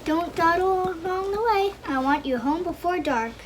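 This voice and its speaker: A woman's voice: very high-pitched, normal speed, a little hiss or hum, voice pushed up. A woman voicing a caring but firm mother in a storybook reading.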